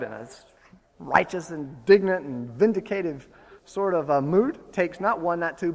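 Guy giving a sermon, tells it like a story and gets loud for emphasis, bit of a higher voice, big echoey church. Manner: storytelling, animated, rising to forceful emphasis. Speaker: preacher.

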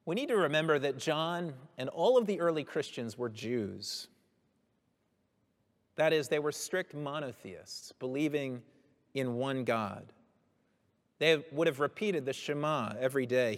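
A man preaching a sermon, teaching in measured phrases and slowing down on key words. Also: medium pitch, animated, long reverb tail.

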